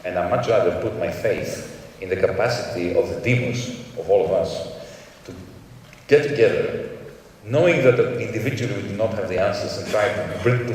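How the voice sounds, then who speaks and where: Panel guest from Greece: a deliberate, emphatic man, recorded far off in a reverberant hall. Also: lowish voice. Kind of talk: conference panel answers. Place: large conference hall.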